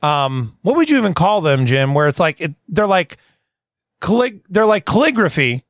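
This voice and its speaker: Animated high-voiced man telling stories. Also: moderate pace, no echo, clean studio sound. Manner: animated storyteller, laughs often. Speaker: podcast co-host. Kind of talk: casual comedic chat.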